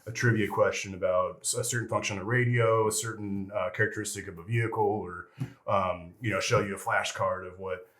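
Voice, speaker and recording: A man's voice: lowish voice, fairly even intonation, a little fast, fairly bright tone. A middle-aged man, a retired military veteran, telling stories as an interview guest in a rambling, profane way full of fillers. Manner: rambling and profane, heavy with fillers like "you know" and "freaking". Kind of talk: casual storytelling interview.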